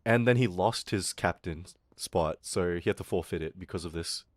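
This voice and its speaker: A man's voice: low voice, normal speed, no echo, studio quality. A man streaming live and telling a story in a rambling, profane way, full of fillers. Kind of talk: casual storytelling on a livestream.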